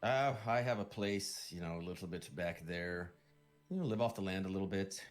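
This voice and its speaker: A man's voice: deep voice, moderate pace, soft background music, lightly acted. A man doing a cryptic old fortune-teller.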